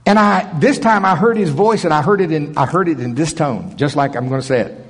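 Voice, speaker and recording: A man's voice: a little high, a little fast, husky. A middle-aged man preaching a conversational sermon, telling stories in a folksy, plainspoken way and chuckling often. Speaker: pastor. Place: large auditorium. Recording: long reverb of a big auditorium.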